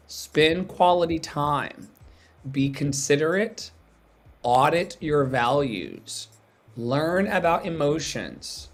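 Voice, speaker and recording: Playful man hosting a livestream. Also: a little high. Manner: playful, joking, reading from notes. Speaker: podcast host. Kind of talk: casual livestream chat.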